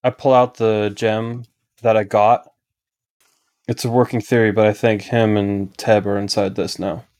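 A man playing a tabletop role-playing game, speaking in character in a plain, measured way. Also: lowish voice, level tone, a little mellow. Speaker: player.

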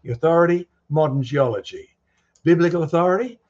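Husky man lecturing with emphatic challenges. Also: on the high side, fairly quick, darkish tone, muffled recording. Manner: emphatic, throws rhetorical questions and challenges at the audience. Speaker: guest speaker on creation and fossils. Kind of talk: lecture with slides and audience questions.

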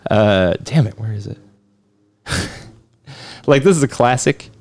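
A man's voice: medium pitch, animated, a little slow. Laid-back joking podcast man. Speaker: podcast host. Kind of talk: casual chat.

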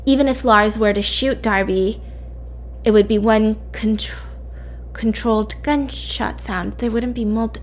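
A woman's voice: on the high side, steady tone, a little slow. A young woman casually retelling a fictional mystery story, chatty and acting out the characters' lines.

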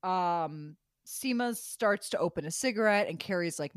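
A woman's voice: fairly low pitch, lively intonation, normal speed, few pauses, no room sound, studio quality. A woman co-hosting a podcast, recapping a TV episode in a profane, riffing, casual comedic chat. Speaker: podcast co-host.

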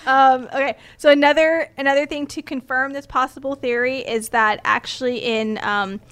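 A woman with a slightly high voice talks through a story in casual podcast chat. She explains step by step, full of ums and little restarts as she goes. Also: fairly even intonation, moderate pace, a bit bright, clear, resonant tone. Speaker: podcast co-host presenting the story.

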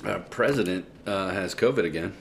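A man's voice: low voice, normal speed, creaky, background noise. A man in casual chat, laid-back and casually profane.

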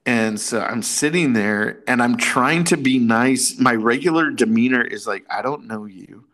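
Speaking a little slowly in a mid-range voice, a middle-aged man recounts a story during a relaxed conversation. He brings it to life by imitating the people he quotes, performing their lines with animation.

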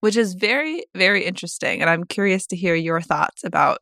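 A young woman co-hosting a podcast, discussing a book casually, thinking out loud and reading passages aloud. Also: fairly low pitch, lively intonation, a little fast, gravelly, no room sound, clean studio sound. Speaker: podcast co-host.

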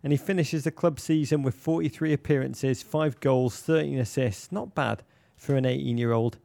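Gravelly man, playful and florid. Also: medium pitch, steady tone, normal speed, darkish tone. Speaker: podcast co-host. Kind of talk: casual chat.

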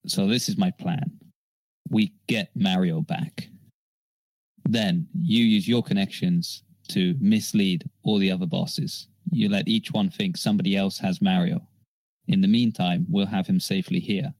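Brief: a man playing a smug, scheming gang boss in a tabletop game, low voice, measured persuasive delivery, dry close sound. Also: steady tone, a little mellow, no echo, poor audio. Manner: smooth persuasive pitch, measured.

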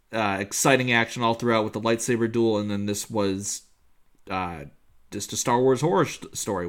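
A man co-hosting a casual chat show, talking with excitement and wandering through his points with plenty of fillers. His voice sits at an ordinary middle pitch. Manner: enthusiastic, rambling with many fillers. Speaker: podcast co-host. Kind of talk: casual chat reviewing an episode.

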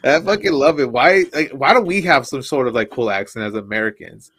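A man co-hosting a sports podcast in casual chat, loud and swearing, asking a lot of questions. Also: mid-range voice, fairly quick. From Spokane area, Washington. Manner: loud, swearing, laughing, asks lots of questions. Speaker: podcast co-host.

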